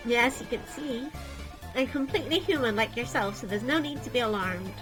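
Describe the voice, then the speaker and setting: A timid skeleton girl from a dating game speaks up in a raised, polite voice, eager to please and a little awkward, as a woman puts her on. Her tone stays gentle and pleading, with soft music faint behind her. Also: on the high side, brisk, close to an everyday voice, low-quality recording. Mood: reassuring.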